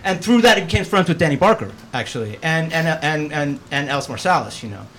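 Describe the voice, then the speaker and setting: A man with a slightly raised voice tells rambling, profanity-laced stories in a loose, animated way. A faint hiss of background noise sits under his voice in a talk studio. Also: on the high side, fast talker. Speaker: guest. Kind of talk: casual storytelling chat.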